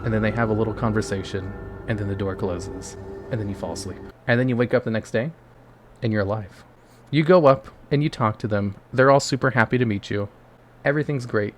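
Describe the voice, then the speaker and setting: A man's voice: lowish voice, fairly quick. A man casually narrating a choose-your-own-adventure game live for his chat, playful and loose. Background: background music.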